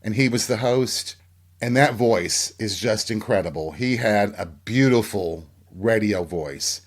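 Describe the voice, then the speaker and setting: A middle-aged man with a low voice hosts a solo podcast, unhurried and candid. He rambles reflectively and frequently poses rhetorical questions to his listeners.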